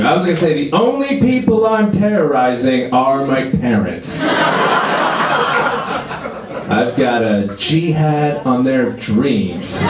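A man in his thirties from Canada, doing a crude, self-deprecating stand-up comedy set on a club stage. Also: medium pitch. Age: 30s. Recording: echoey comedy club with audience noise.

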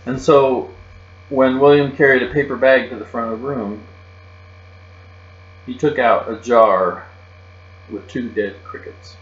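A man reading a children's chapter book aloud, expressive and lively in a child's first-person voice. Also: medium pitch, a little slow, long pauses. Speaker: reader. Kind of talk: storybook read-aloud. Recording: muffled, roomy recording with mains hum.

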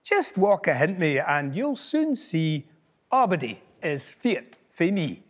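A man's voice: a little high, very animated, slow, full character voice. A man voicing a tiny, boastful and clever male mouse with a Scottish accent in a storybook reading in Scots.

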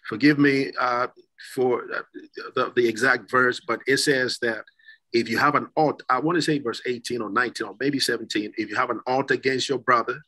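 A man's voice: mid-range voice, fairly even intonation, normal speed, pushed and bright, rough recording. A man hosting a church talk show, reading scripture aloud and then putting a question to his guest. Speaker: host.

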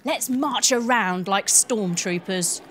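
A woman leading a children's yoga lesson as a story, lively and encouraging as she guides each move. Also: mid-range voice, takes it slowly, a little hiss or hum. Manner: lively and encouraging, guiding moves step by step.

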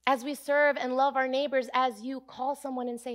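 A woman delivers a sermon in a church with a fairly high voice. She preaches earnestly and with emphasis. She slows down and leans on the key phrases. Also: flat delivery, a bit bright. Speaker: pastor. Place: church sanctuary.

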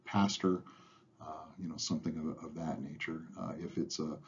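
A man narrating lecture slides in a relaxed way, filling pauses with "uh" and letting phrase ends trail off softly. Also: a bass voice, husky. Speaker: instructor. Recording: dull lo-fi recording.

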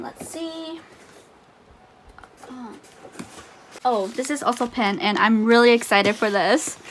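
A woman vlogger chatting casually through an unboxing, gushing and excitable with frequent laughs. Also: fairly high pitch, slight background noise.

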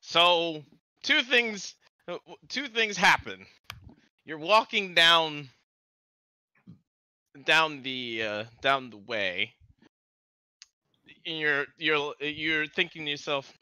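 A man narrating a tabletop game as game master, halting and restarting as he describes scenes. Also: on the high side, animated, bright, forceful tone, clean tone, no echo, rough recording.

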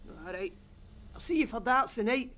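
A grumbling Scottish rig hand who swears freely and jokes with his workmates. His pitch sits mid-range, with a faint hiss of background noise. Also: expressive, normal speed, bright, forceful tone, heavily acted. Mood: joshing. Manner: gruff, sweary, chummy. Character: grumbling oil rig worker, foul-mouthed.

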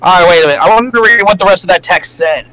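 A man hosting a casual reaction video over voice chat, excitable and swearing often with loud outbursts. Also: high-pitched, very fast, poor audio.

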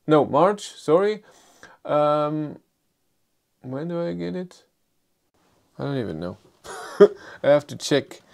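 A middle-aged man with a German accent hosting a live stream. He answers viewer comments in a casual, halting way, with many fillers and restarts, and reads chat questions aloud. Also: on the high side, animated, gravelly, darkish tone. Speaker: livestream host.

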